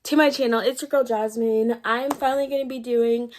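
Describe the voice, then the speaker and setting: A woman's voice: on the high side, fairly even intonation, a little fast, a little hiss or hum. A young woman vlogger chatting casually to her viewers, slightly out of breath, rambling with fillers and restarts. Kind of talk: casual chat.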